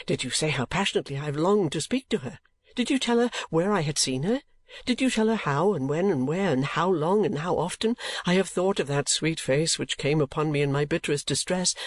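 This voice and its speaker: A man voicing an eager, impassioned young gentleman in a storybook reading, pressing question after question. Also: on the high side, dry recording, voice pushed up.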